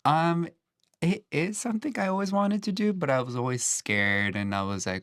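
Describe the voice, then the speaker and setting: A man's voice: a little high, normal speed, a bit bright, no echo, clean studio sound. A young man who DJs, chatting casually as a guest and rambling with plenty of filler words. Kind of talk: casual chat.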